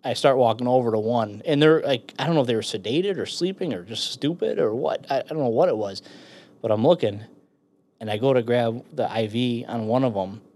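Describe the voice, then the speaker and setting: Guy veteran telling war stories, swears a lot, gets animated, laughs mid-story, normal pitch. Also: fairly quick. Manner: profane, animated, laughs between phrases. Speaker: military veteran guest. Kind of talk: casual storytelling.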